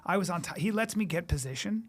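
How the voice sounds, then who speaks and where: Animated, high-voiced storytelling man. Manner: profane, fast-shifting, punchy delivery. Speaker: guest comedian. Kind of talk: animated storytelling in casual chat.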